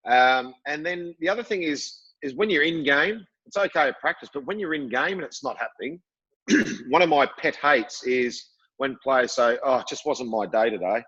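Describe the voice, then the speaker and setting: A middle-aged man as a podcast guest, telling lively stories and acting out what people said. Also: fairly high pitch, moderate pace, slightly rough, highs cut off. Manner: lively storyteller, acts out quotes. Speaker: guest, former cricketer. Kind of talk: casual interview chat.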